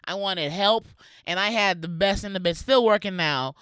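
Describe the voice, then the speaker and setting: A woman's voice: mid-range voice, normal speed, fairly bright tone, clean tone, dry recording. A woman comedian hosting a podcast, telling stories bluntly and swearing freely. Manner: blunt, profane storytelling. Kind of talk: casual podcast chat.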